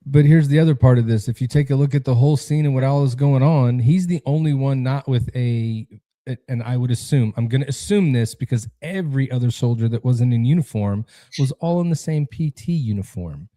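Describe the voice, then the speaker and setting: A man hosting a veterans podcast with a dark, mellow voice. He rants bluntly and freely swears in casual chat, recorded dry and close. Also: mid-range voice, a little fast, no room sound. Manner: blunt, profane, animated ranting. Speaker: podcast host.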